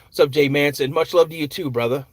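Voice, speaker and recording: A man in his fifties hosting a casual morning livestream, chatting and reading viewer comments in a relaxed, rambling way with many fillers. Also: a little high, fast, no room sound. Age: 50s. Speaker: podcast host.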